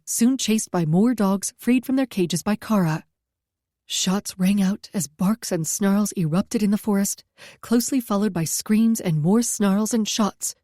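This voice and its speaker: A woman reading a first-person story aloud at a steady pace, close to the mic. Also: mid-range voice, no room sound. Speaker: audiobook narrator.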